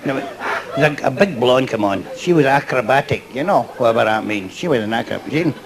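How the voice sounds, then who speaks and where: A man's voice: medium pitch, expressive, a little fast, crowd noise. A Scottish man doing live stand-up, rambling through jokes and chuckling at his own lines. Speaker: stand-up comedian. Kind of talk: live stand-up joke telling. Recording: live club recording with audience laughter and noise.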